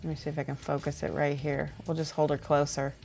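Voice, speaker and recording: A woman livestreaming as she paints miniatures, reading viewer messages aloud and thinking out loud between brushstrokes. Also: low voice, flat delivery, fast talker, gravelly, faint music behind. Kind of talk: casual livestream chat while painting.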